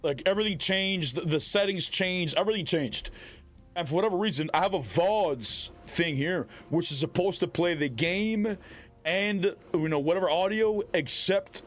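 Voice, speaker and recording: A man chatting casually with his live-stream audience, animated and loud, often shouting catchphrases. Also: sits high, moderate pace, soft background music.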